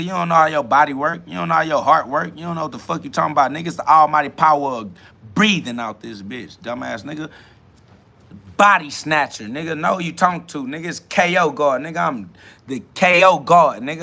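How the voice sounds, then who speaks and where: A man hosting a self-talk podcast, ranting loudly and boastfully in profane slang and mockingly imitating other people's questions. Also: on the high side, brisk, gravelly. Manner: loud, boastful, swearing slang rant with bursts of laughter. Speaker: podcast host.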